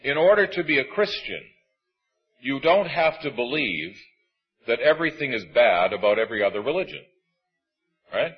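A man preaching a sermon, reading scripture aloud and stressing key words slowly. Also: mid-range voice, sing-song, breathy edge, dull audio. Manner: measured, emphatic preaching with slow stresses.

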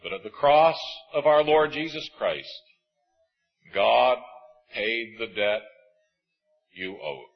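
A man preaching a sermon to a congregation in an auditorium, animated and acting out voices of the people in his stories. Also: medium pitch, takes it slowly, long pauses, muffled recording, soft background music.

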